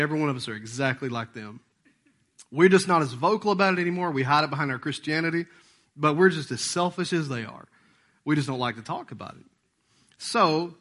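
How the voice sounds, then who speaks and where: Man, thirties, pastor, sermon, folksy and joking, bright forceful tone, slightly high voice. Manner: folksy, joking, animated preaching with acted-out voices.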